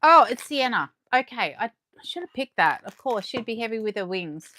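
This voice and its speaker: A woman chatting excitedly to viewers as she unboxes collectibles live, her voice going a little hoarse. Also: medium pitch, normal speed, a little hiss or hum. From Australia. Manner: chatty and excitable, gasping and laughing, talking to viewers. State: losing her voice. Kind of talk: casual live unboxing chat.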